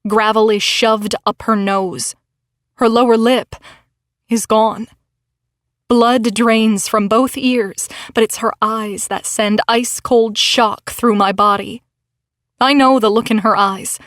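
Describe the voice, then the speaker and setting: A woman's voice: a little high, steady tone, slow, fairly bright tone, dry recording, studio quality. A woman narrating a novel in the first person with dramatic, tense storytelling. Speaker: audiobook narrator.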